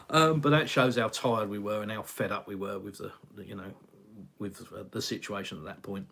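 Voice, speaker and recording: A man's voice: fairly low pitch, steady tone, fairly quick, creaky, a bit bright, slight background noise. A middle-aged man from England hosting a casual live chat, reading viewer comments in a rambling way, with many fillers and sighs. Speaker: live stream host. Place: home, in Russia.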